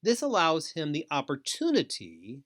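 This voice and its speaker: A man giving a recorded lecture as a foster care educator, speaking deliberately and repeating key phrases. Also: fairly high pitch, huge pitch swings, a bit bright.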